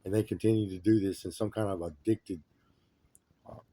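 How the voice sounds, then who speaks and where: A man's voice: deep voice, steady tone, moderate pace, warm tone, no room sound. A man in a rambling, agitated monologue who repeats his complaints emphatically.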